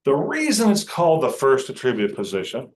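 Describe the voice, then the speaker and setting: A man teaching a Greek grammar class, talking in a halting way with many fillers and restarts. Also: mid-range voice, wildly swooping pitch, echoey room, rough recording. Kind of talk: classroom lecture.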